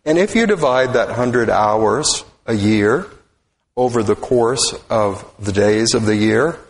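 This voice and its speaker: Man, minister, sermon, slow measured delivery, roomy church with long reverb. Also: mid-range voice, expressive. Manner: deliberate, speaks in short measured phrases. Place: church sanctuary. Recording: echoey hall with long reverb.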